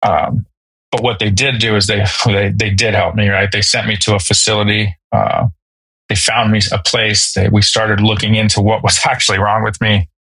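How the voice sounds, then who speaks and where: Man in his thirties, lowish voice, candid halting storyteller, dry close recording. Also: flat delivery, bright, forceful tone, husky, no echo, low-quality recording. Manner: casual, halting, many fillers and restarts. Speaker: podcast guest, Marine veteran.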